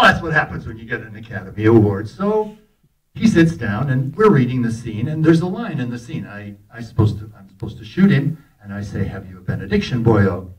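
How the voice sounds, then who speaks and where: An older actor telling anecdotes to a festival audience in an animated, laughing way, often acting out the lines he quotes. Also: medium pitch. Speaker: actor telling stories about a film. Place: festival talk in a hall. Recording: voice picked up from a distance.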